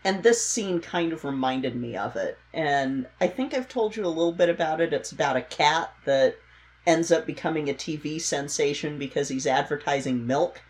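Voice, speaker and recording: A woman's voice: sits low, normal speed, a little mellow. A woman co-hosting a podcast, chatting casually with thoughtful, reflective asides. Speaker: podcast co-host. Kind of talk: casual chat.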